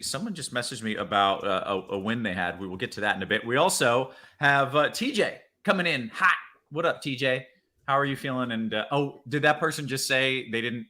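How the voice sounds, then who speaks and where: A man hosting a fantasy sports stream, upbeat and energetic in his show opener. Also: mid-range voice. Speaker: show host. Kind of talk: sports betting stream talk.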